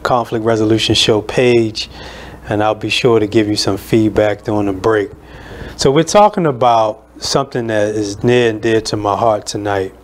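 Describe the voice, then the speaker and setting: A man hosting a radio talk show, speaking in an earnest, measured way with many fillers. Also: on the low side, a little hiss or hum.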